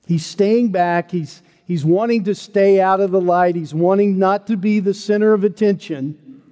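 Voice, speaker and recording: Speaking at a normal speed, a male pastor delivers a sermon as an earnest story. Quoted denials come out high and loud, while solemn points drop to a low, soft register, all trailing off into a long reverb tail.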